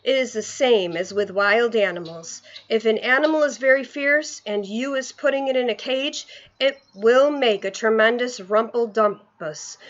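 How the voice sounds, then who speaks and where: A woman's voice: a little high, normal speed, muffled recording, close to an everyday voice. A woman reading a storybook aloud, voicing a big kindly male giant who talks in muddled, rustic grammar. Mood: earnest.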